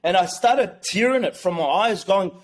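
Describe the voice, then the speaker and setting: A young man telling a personal story as a podcast guest, excited and swearing, often restarting his sentences. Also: sits high, normal speed.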